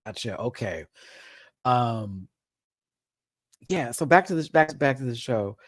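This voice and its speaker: A man's voice: medium pitch, slow pace, dry recording, studio quality. A man hosting a live-stream show, chatting casually and expressively while recapping TV and acting out quotes. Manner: animated and expressive, swears, acts out quotes.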